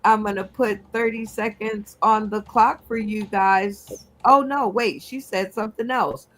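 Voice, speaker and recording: A woman hosting a comedy game show over a video call, playful and unhurried as she recaps everyone's picks. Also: mid-range voice, fairly even intonation, fairly bright tone.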